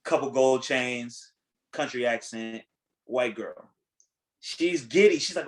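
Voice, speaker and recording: A man hosting a podcast in casual chat, retelling a reality show in a blunt, animated way, acting out what people said and swearing freely. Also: medium pitch, slow, long pauses, rough recording. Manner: animated storytelling, acting out quotes. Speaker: podcast host.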